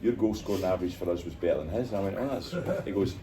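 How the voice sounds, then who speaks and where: Older scottish man, very low voice, fast talker, distant mic, noisy bar around him. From Scotland. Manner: animated anecdotes, acts out quoted voices. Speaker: former footballer guest. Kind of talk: storytelling interview in a bar.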